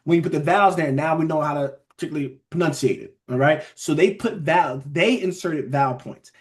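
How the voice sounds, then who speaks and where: A man teaching a casual online Bible study, speaking in a loose, halting way and often checking in with his listeners. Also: a little high. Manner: conversational, keeps checking in with listeners with "all right?" and "beloved"; loose, halting phrasing with restarts.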